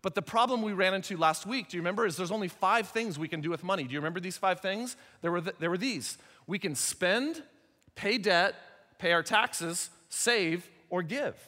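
A man's voice: sits high, normal speed, pushed and bright. A middle-aged man preaching a sermon in a conversational, joking way, putting rhetorical questions to the congregation. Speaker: pastor. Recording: long hall reverb.

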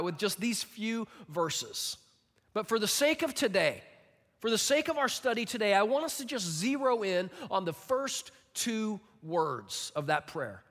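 A pastor in his forties preaching a sermon, animated and emphatic, acting out little stories. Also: high voice, unhurried. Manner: animated, emphatic storytelling with acted-out quotes. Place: church auditorium. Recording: long reverb of a large hall.

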